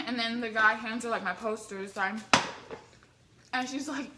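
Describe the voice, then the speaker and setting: A young woman from the Midwest telling an excitable, rambling story with many filler words while eating on camera. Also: on the high side, moderate pace, long pauses, slight background noise. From American Midwest. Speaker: vlogger.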